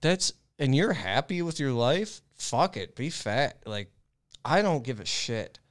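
A man's voice: mid-range voice, very animated, measured pace. A young man co-hosting a podcast, talking in a loose, profane, rambling way with lots of restarts. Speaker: podcast co-host. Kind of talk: casual podcast chat.

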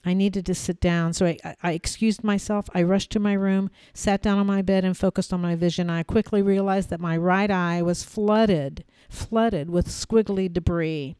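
A lower-pitched woman with a warm, smooth and resonant voice, hosting her own podcast. She tells a personal story at a measured pace, pausing and repeating phrases for emphasis. The close recording is dry, with no room sound. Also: steady tone, no room sound. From United States. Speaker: podcast host.

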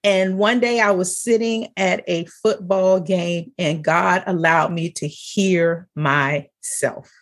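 A woman in casual faith-based conversation, telling stories with lively emphasis and frequent laughter. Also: slow, few pauses. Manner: animated storyteller, laughs often, pitch jumps up for emphasis.

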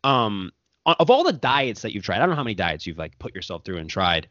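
A man's voice: on the low side, sing-song, fast talker, a bit bright, no room sound. A man hosting a podcast interview, rambling through his questions with lots of fillers and frequent laughter. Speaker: podcast host. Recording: dry, dull lo-fi sound.

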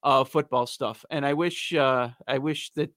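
Bright, dry-sounding man talking sports. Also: medium pitch, unhurried, no echo. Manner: easygoing, explanatory, laughs often. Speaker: podcast co-host. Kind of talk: casual sports talk.

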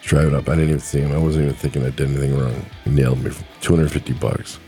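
A man's voice: extremely low pitch, level tone, very fast, warm tone, faint music behind. A middle-aged man hosting his own podcast, chatting in an easygoing, rambling, self-deprecating way about his trucking life. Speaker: podcast host and truck driver. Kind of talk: casual solo podcast chat.

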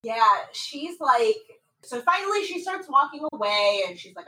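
Animated, profane woman recapping reality TV. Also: high-pitched, moderate pace, hardly any pauses, rough recording. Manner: animated, profane storytelling with many "like"s. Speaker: podcast co-host recapping a reality show. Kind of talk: casual chat.

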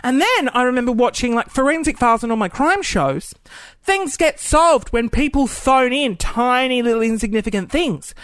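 A man telling a comic story at home, animated and self-mocking, acting out the voices of the people in it. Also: very high-pitched, normal speed, dry recording. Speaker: video creator telling a story. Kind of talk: casual comedic storytelling. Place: at home, cooking.

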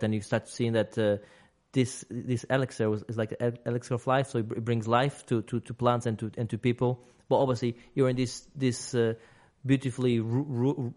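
A man's voice: medium pitch, a little mellow. A man hosting a casual games podcast, talking at length, restarting sentences and laughing easily. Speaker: podcast host.

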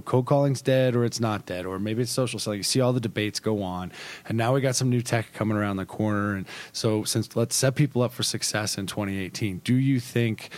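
Man, podcast host, lowish voice, conversational, rambling questions. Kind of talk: podcast interview.

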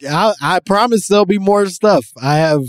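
A man's voice: high voice, moderate pace, dry recording, clean studio sound. A man hosting a casual podcast chat, explaining at length with many fillers and restarts. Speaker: podcast host.

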